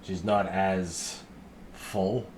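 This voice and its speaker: A man with a very low voice narrates a tabletop game as its game master. He speaks slowly and in a low-key way, with a faint background hiss. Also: flat delivery, darkish tone.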